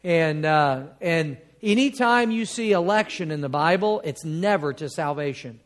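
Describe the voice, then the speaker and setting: A man preaching a sermon as pastor, quoting scripture and building to emphatic, drawn-out points. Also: a little high, animated. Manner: preaching with rising emphatic bursts and drawn-out key words; quotes scripture in old King James wording.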